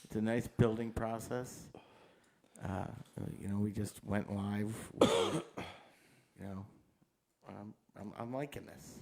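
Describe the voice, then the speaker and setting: Low, gravelly man with dry quips. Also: takes it slowly, long pauses, a little mellow. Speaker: podcast co-host. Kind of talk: casual chat.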